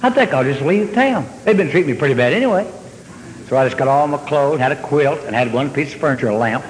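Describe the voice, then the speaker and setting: A man telling a long comic story on stage, drawling and deadpan, then jumping up in excitement. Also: on the high side, quick pace, a little hiss or hum. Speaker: comedian. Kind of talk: stand-up storytelling. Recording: hall reverb with faint ambience.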